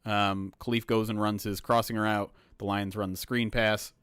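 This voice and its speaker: Low-voiced man chatting on a livestream. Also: flat delivery, moderate pace, a bit bright, smooth, no room sound, clean studio sound. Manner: rambling, conversational, drops casual swears. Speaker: sports reporter hosting a livestream. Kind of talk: casual livestream chat.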